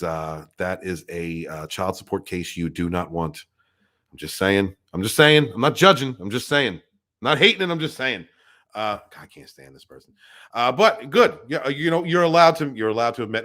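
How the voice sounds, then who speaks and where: A man's voice: fairly low pitch, fairly bright tone. A man hosting a casual livestream podcast, chatting nonstop, rambling and greeting viewers in the chat by name.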